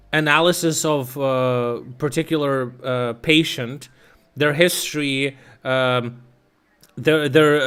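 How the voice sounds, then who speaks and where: A man's voice: mid-range voice, a bit bright, clear, resonant tone. Young male streamer, loose rambling storyteller, swears, light music underneath. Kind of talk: casual chat.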